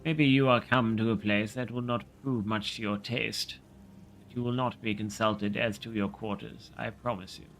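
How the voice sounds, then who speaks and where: A man voicing a gruff, hostile Irish villager with a hoarse voice in a storybook reading. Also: lowish voice, fairly even intonation, moderate pace, fairly bright tone, a little hiss or hum. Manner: curt and hostile.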